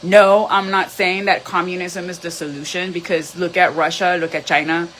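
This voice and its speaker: A woman's voice: fairly low pitch, flat delivery, moderate pace, fairly bright tone, slight background noise, rough recording. A woman doing a live tarot reading, blunt and profane, switching between English and Spanish. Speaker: tarot reader.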